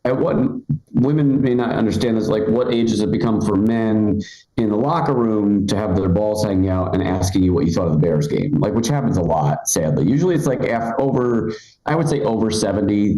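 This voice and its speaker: A man's voice: fairly low pitch, a little fast, warm tone, roomy sound, rough recording. Rambling stand-up man in his forties. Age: 40s. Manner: chatty, rambling, loose with fillers and restarts. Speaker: stand-up comedian. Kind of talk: live stand-up set. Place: comedy club stage.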